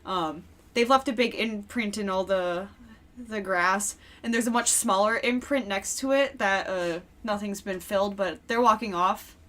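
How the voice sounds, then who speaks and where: A woman's voice: mid-range voice, measured pace, a bit bright. Woman rambling through game-master narration. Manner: loose, rambling description with many fillers.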